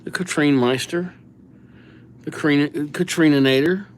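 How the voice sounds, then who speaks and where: A young man's somewhat high voice comes at normal speed, with slight hiss or hum in the background. Hosting a calligraphy livestream, he casually chats and jokes, writing viewers' names and dubbing them with goofy nicknames.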